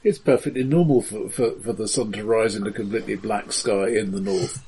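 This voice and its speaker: A man playing a tabletop game, making dry, deadpan remarks. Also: fairly low pitch, brisk, slightly rough, rough recording. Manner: dry wit. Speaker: player. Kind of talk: casual chat at a tabletop game.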